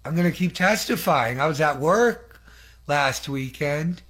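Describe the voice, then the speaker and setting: A man's voice: on the high side, animated, a little slow, a bit bright. A man giving an earnest, conversational testimony sermon, rambling with fillers and restarts and asking the audience to affirm him. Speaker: lay preacher giving testimony.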